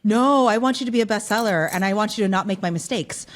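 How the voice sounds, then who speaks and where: A woman's voice: medium pitch, quick pace. A woman hosting a podcast interview, affirming her guest and reflecting on what she said. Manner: affirming, reflective, lots of "mm" backchannels. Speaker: podcast host. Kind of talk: conversational interview.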